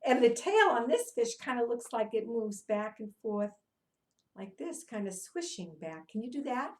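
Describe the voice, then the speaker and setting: Animated, coaxing woman reading to kids. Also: fairly high pitch, normal speed. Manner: animated, coaxing, sing-song chants, asks children questions. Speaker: children's movement teacher. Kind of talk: interactive read-aloud for young children.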